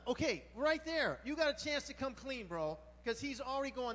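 A man preaching a sermon as pastor, animated and colloquial, with sudden exclamations. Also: very high voice, normal speed, few pauses, long reverb tail.

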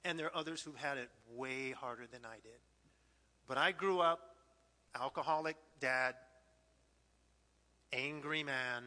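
A man in his fifties, a pastor giving an emotional, halting sermon, often repeating words and laughing through tears. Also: mid-range voice, bright, forceful tone, in a large hall. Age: 50s. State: tearful.

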